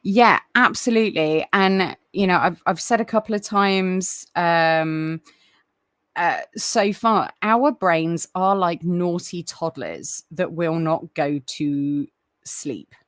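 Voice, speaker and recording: A woman's voice: on the low side, takes it slowly, dry recording. A woman hosting a casual live stream, chatty and apologetic, with lots of ums and restarts. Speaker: livestream host.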